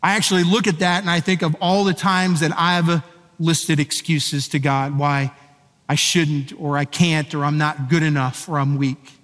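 A man's voice: on the high side, steady tone, normal speed, a bit bright. Man preaching a sermon in an echoey hall. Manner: conversational storytelling, asks the audience questions. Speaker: pastor.

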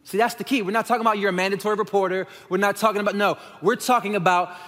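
A man's voice: high-pitched, steady tone, rapid-fire, a bit bright. A man in his thirties preaching a candid, conversational sermon to his congregation, speaking straight to them as "y'all" from a stage microphone in a church sanctuary. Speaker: pastor. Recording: long reverb of a large hall.

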